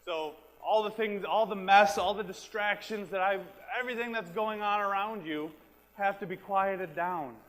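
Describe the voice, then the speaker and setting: A man preaching to his congregation in a slightly high voice, plain-spoken and conversational. He repeats his key phrases for emphasis. At times he drops to a soft whisper to make his point. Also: normal speed, poor audio. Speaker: pastor. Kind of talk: sermon.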